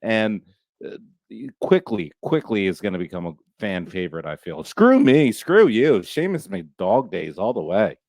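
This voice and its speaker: A man co-hosting a sports podcast in a casual chat, jokey and quick to laugh. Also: low-pitched, animated, a little mellow, dry recording, clean studio sound. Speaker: podcast co-host.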